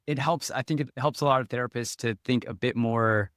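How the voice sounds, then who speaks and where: A man's voice: mid-range voice, brisk, fairly bright tone, dry recording, clean studio sound. A man hosting an interview as a speech therapist, asking curious questions in an agreeable, hedging way. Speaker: podcast host, speech therapist. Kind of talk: interview conversation.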